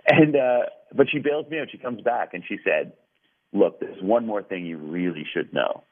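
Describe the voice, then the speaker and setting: A man's voice: on the low side, moderate pace. A man telling a long story in an interview, quoting the people in it. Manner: animated, quoting others at length. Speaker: guest storyteller. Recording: tinny phone-line radio sound.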